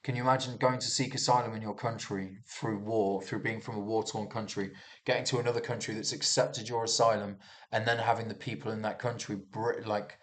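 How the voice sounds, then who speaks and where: Rambling young man, low voice. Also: little pitch movement, a little fast. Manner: restarts a lot, swears, muses aloud. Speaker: vlogger reviewing news. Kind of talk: casual rambling commentary.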